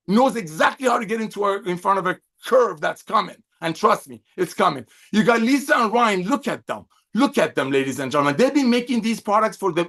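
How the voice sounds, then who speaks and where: A middle-aged man with a fairly high-pitched voice speaks over a video call. As a company executive, he delivers an effusive, emphatic sales pep talk with a preacher-like swing to it. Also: a bit bright.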